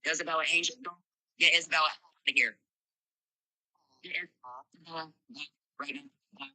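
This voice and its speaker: A woman's voice: low voice, fairly even intonation, normal speed, sharp tone, no echo, low-quality recording. A woman hosting a live stream, brashly moderating callers and scolding them with plenty of profanity. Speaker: livestream host.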